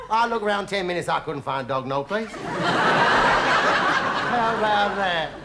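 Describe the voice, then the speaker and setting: A man's voice: high voice, creaky, exaggerated voice. A comedian playing a boastful, folksy American traveller with a put-on Southern drawl, whooping "ooh-wee" as he tells tall tales in a 1970s TV stand-up monologue. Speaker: comedian in character. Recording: 1970s TV studio with audience noise.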